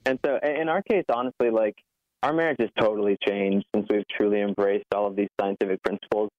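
Earnest app founder on a dull line. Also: male voice, fairly low pitch, steady tone, no room sound. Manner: earnest, fast, full of restarts, acts out quoted voices. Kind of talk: remote interview conversation.

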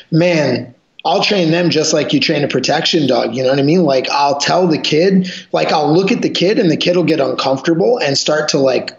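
Gravelly, blunt-talking man in an echoey room. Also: fairly high pitch. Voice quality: profane, blunt storytelling. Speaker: guest, jiu-jitsu gym owner and coach. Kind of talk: casual podcast conversation. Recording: echoey room, dull lo-fi sound.

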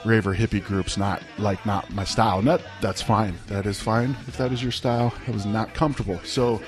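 A man's voice: lowish voice, steady tone, brisk, music in the background. A man telling a personal story in a casual, rambling way, full of "like" and "right?". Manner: rambling, laid-back, peppered with "like" and "right?".

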